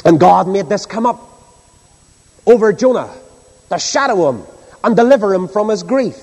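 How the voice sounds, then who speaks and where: Animated male preacher in an echoing hall. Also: high-pitched, moderate pace, slightly rough. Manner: animated, rhetorical questions to the congregation. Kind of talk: sermon. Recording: long hall reverb.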